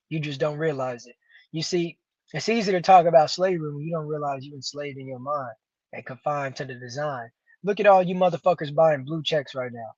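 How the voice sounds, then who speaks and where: A man's voice: on the high side, darkish tone, no room sound. A man hosting a show, delivering a profane, preachy rant and addressing listeners as "homie". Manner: preachy, repeats "homie" and "nigga", builds rhetorically. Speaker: show host. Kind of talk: profane ranting commentary. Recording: dull lo-fi dry sound.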